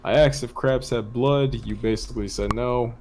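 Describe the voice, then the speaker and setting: A young man joking with friends in a deadpan, offhand way on a stream. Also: medium pitch, normal speed, background noise. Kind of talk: casual chat.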